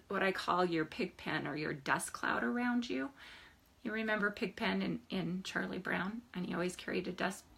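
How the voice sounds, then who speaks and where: An older woman speaking as a life coach in an enthusiastic, animated motivational vlog, often laughing. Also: fairly low pitch, gravelly, slightly rough.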